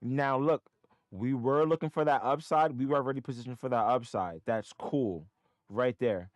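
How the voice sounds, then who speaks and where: A man's voice: mid-range voice, normal speed, no echo, clean studio sound. Swearing, self-critical male trading streamer. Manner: swings from muttering to frustrated outbursts, swearing; self-critical, talking to himself. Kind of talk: live stream commentary.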